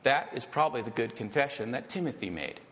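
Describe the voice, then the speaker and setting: A man preaching a sermon as a pastor, talking conversationally with rambling asides and getting excited as he goes. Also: medium pitch, fast, long reverb tail.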